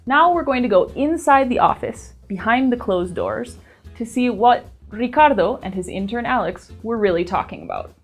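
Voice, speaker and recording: A woman teacher giving scripted lesson narration in a clear, explanatory, evenly paced manner. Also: on the high side, lively intonation, normal speed, faint music behind.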